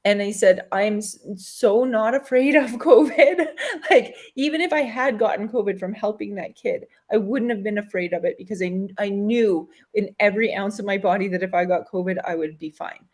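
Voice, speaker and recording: A woman's voice: medium pitch, brisk, few pauses, a little mellow. A woman telling a personal story in a casual online talk show, earnest and laughing now and then. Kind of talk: casual chat.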